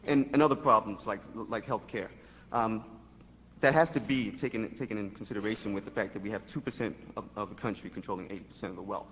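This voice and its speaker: A man in the audience asking a question in a halting way, repeating words as he goes. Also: lowish voice, fairly bright tone. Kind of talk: question from the floor. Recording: distant echoey hall, muffled, faint hiss.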